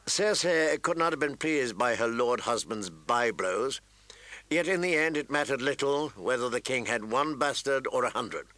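Bright-voiced man narrating a fantasy audiobook. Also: medium pitch, expressive, normal speed, no echo.

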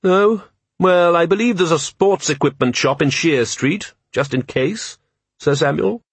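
A man doing a calm, dryly ironic ruler. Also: a little high, unhurried, husky, no room sound, pitched above the performer's own voice. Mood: wry. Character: calm, dry, wry male city ruler.

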